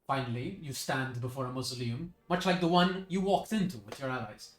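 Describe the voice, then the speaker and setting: A man's voice: mid-range voice, fairly quick, few pauses. Man narrating as game master, echoey room. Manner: casual, with fillers and self-corrections. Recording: echoey room, faint music.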